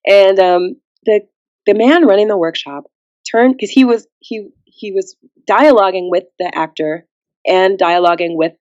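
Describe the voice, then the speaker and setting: Animated woman telling a story, lo-fi. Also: mid-range voice, unhurried, no echo. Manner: animated storyteller who acts out quotes. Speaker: podcast guest, author. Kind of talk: casual storytelling chat.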